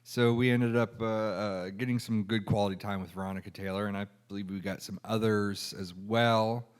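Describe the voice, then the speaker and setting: A man co-hosting a podcast on his own, talking casually and haltingly with many pauses and restarts. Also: on the low side, steady tone, clean tone. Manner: halting, lots of ums and restarts. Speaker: podcast co-host. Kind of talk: casual solo podcast talk.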